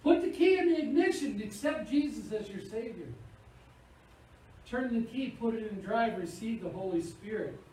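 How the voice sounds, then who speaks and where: Man preaching, high voice, animated and playful, heavy room echo, distant mic, faint hiss. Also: normal speed. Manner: animated, playful, acts out little scenes. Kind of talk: sermon. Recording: echoey room, picked up from far off, faint hiss.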